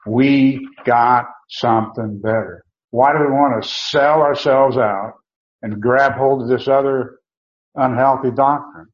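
A man preaching a sermon emphatically, repeating words and restarting as he drives his point home. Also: mid-range voice. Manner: emphatic, repetitive, with many restarts and fillers. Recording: dull, roomy sound.

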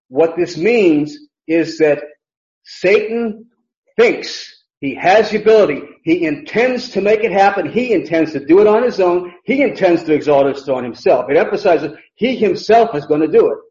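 A man's voice: high voice, moderate pace, a little mellow. A man teaching an expository Bible sermon, emphatic, and often repeating phrases. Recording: roomy, dull lo-fi sound.

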